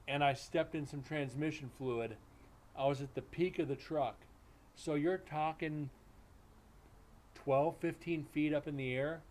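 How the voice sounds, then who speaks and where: A man hosting a livestream, telling stories in a loose, blunt, joking way. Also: fairly high pitch. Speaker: livestream host. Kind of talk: casual storytelling chat. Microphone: streaming setup mic.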